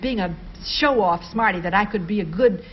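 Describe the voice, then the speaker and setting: A woman's voice: mid-range voice, moderate pace, slight background noise. A woman telling a self-mocking story on a game show. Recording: dull 1970s TV recording with audience.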